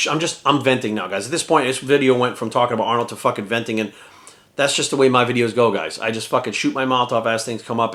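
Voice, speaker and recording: A man and fitness vlogger delivering a heated, profane rant to his viewers, swearing often and talking in a rapid-fire rush. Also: mid-range voice, a bit bright. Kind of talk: ranting vlog monologue.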